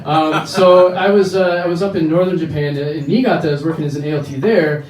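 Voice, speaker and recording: A man's voice: fairly high pitch, a little mellow. American male comic, crude rambling stand-up, echoey bar sound. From United States. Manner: crude, rambling storytelling with quick voice switches. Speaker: stand-up comedian. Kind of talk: stand-up set. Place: bar comedy stage. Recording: echoey bar, mic heard from a distance.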